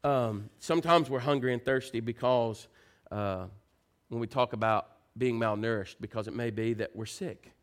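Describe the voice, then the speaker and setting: Folksy preacher man. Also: moderate pace. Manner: folksy storytelling, swings loud and high into playful mimicry; drops soft and low for prayerful passages. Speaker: pastor. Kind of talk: sermon.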